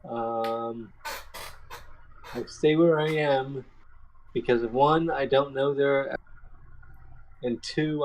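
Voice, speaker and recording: Man, player, halting slow speech, apologetic, faint background noise. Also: mid-range voice, poor audio. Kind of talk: casual game chat.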